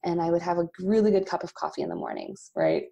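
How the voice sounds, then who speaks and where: A woman in her thirties, a company founder and podcast guest, telling a candid personal story with bursts of laughter and animated asides. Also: fairly low pitch, fast, vocal fry. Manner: emotional, laughs often, quotes God in animated asides.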